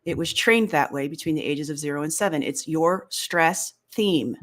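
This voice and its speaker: A middle-aged woman hosting a coaching show, talking a caller through his fears in a lively, hands-on way. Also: sits low, moderate pace, a crowd in the background. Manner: animated, acts out inner voices. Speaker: fear coach and host. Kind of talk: live coaching session.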